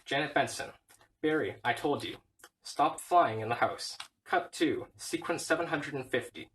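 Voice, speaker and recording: A man's voice: fairly high pitch, lively intonation, moderate pace, fairly bright tone, far from the mic, poor audio. Man reciting a script, heard from afar. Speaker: reader. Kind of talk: reading a script aloud.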